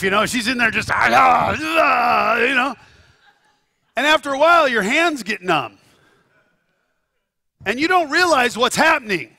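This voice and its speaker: A male pastor preaching a sermon, telling stories with lively asides to the congregation and sudden shouts. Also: sits high. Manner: animated storytelling with asides to the congregation.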